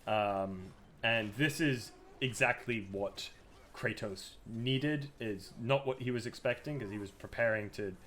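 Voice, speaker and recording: A man's voice: mid-range voice, measured pace, a little hiss or hum. A man co-hosting a casual game podcast, telling the story with energy, cursing freely and acting out the scenes. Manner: animated storyteller, swears, acts out scenes. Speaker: podcast co-host.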